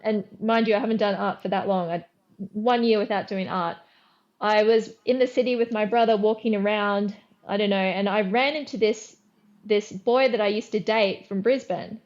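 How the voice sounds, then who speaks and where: A guest artist, a middle-aged woman from Australia, shares animated anecdotes during an informal interview. She acts out what she said herself and keeps restarting sentences. Her pitch is mid-range, and the high frequencies are missing from the audio.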